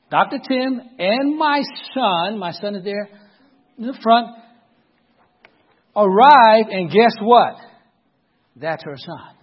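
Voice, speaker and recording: A man's voice: very high voice, husky, dull audio. A middle-aged man telling a story in a sermon, dramatic and often checking that his listeners are following.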